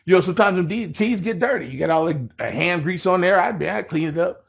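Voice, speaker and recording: A man telling a story to camera in a rambling, laid-back way, full of slang and "you know", sometimes loudly acting out what others said. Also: high voice, animated, fast, vocal fry, highs cut off.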